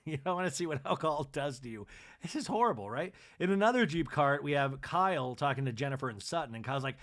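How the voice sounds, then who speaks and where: A male podcast host recapping reality TV with irreverent glee. He swears freely and giggles between lines, his voice sitting on the higher side for a man. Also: lively intonation, fast talker, a bit bright.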